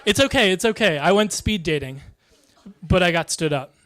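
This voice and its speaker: A man doing stand-up comedy, delivering deadpan one-liners in a dry, soft-spoken way. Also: high voice, normal speed.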